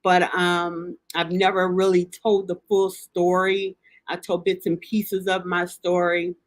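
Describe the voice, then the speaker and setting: Lower-voiced woman, halting and emotional. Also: monotone, no echo. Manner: halting, with frequent ums and restarts; emotional, near tears at times. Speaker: grief recovery coach and podcast host. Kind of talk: heartfelt personal address.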